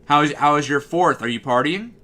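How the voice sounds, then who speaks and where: A man with a bass-baritone voice, casually chatting on a livestream and answering messages from chat. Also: a little fast, sharp tone. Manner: talkative, answers chat messages as they come in. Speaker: livestream host.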